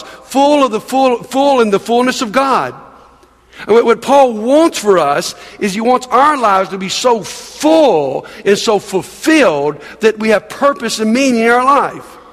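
High-voiced older male pastor preaching. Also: animated, measured pace. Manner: conversational preaching with repetitions and rhetorical questions. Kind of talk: sermon. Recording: long reverb of a large hall.

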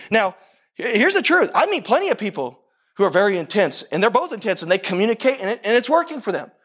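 A middle-aged man with a high-set voice preaches a sermon. He talks with intensity and emphasis, piling up rhetorical questions and repeating his points to drive them home. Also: a bit bright. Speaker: pastor.

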